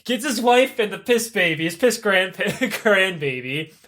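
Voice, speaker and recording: A man hosting a comedy podcast, retelling myths in a profane, animated way and dropping into goofy character voices. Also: high-pitched, unhurried. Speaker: podcast host. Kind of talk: comic storytelling of myths. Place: podcast studio.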